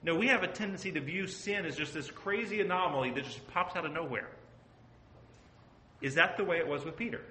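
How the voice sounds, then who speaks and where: Male pastor, earnest conversational sermon, slightly high bright voice, echoey room. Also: brisk, a little hiss or hum. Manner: earnest, asks the group questions. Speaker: pastor teaching a Bible study.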